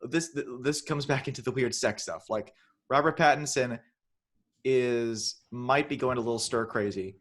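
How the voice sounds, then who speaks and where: A man's voice: medium pitch, a little slow, fairly bright tone. Rambling man retelling a film. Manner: rambling, many restarts, acts out lines in funny voices. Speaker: podcast co-host. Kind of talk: casual chat retelling a film.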